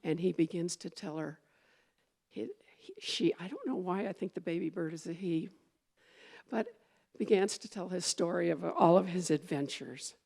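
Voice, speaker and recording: A woman's voice: lowish voice, moderate pace, gravelly, warm tone. A woman minister giving a conversational sermon, meandering, with fillers and restarts as she goes.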